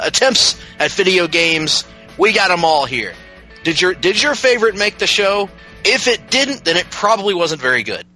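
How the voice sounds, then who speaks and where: Playful podcast guy, bright voice, bouncy pitch, cracks jokes. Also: low-quality recording. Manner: joking, playful, bursts of laughter. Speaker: podcast co-host. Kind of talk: casual comedic podcast chat.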